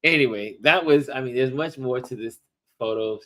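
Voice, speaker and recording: A middle-aged man hosting a casual livestream, musing warmly to viewers as he shows photos. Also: medium pitch. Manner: slow, musing, talks to viewers while showing photos. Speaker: livestream host.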